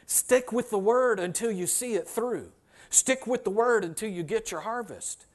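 A man with a high voice delivers a sermon in a church sanctuary. He keeps it conversational and repeats his key phrases for emphasis. He slips into everyday voices to act out what people say. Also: moderate pace. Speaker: pastor.

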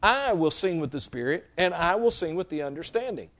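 A man's voice: fairly high pitch, sing-song, fairly quick, a bit bright. A middle-aged man preaching a conversational teaching sermon as a pastor, checking in often with his listeners.

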